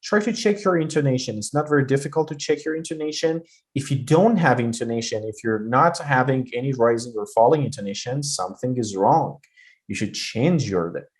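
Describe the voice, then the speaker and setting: A man teaching an exam-prep pronunciation lesson, explaining deliberately with stressed words and pauses. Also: medium pitch.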